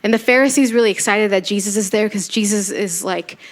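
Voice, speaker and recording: A woman's voice: mid-range voice, fairly quick. A woman preaching a church sermon, telling a story casually and acting out the quoted voices. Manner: conversational storytelling, acts out quotes.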